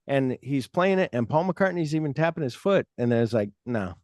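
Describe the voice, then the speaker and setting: A man's voice: fairly high pitch, animated, a little fast, a little mellow, no echo. Rambling man chatting about films, dry sound. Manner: rambling, acts out quotes, swears freely. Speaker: podcast host. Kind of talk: casual film chat.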